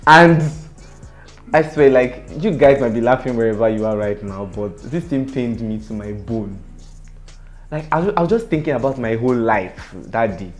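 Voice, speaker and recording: A young man with a Nigerian accent, telling a story on his vlog in an animated, dramatic way. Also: mid-range voice, moderate pace, faint music behind. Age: young adult. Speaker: vlogger.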